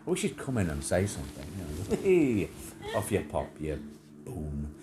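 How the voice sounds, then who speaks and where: A man talks loosely and jokily on a home live stream, his pitch bouncing all over as he tells stories. Steady noise sits under his voice throughout. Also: moderate pace. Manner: rambling, jokey, mimics others in high shrill voices. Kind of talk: casual chat.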